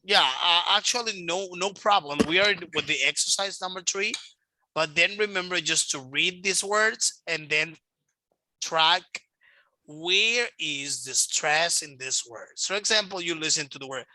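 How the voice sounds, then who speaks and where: A man's voice: a little high, unhurried, sharp tone, no room sound. A man teaching English in a one-on-one video call lesson, patient and repetitive, sounding out words to show their stress. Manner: patient, repeats himself, models word stress.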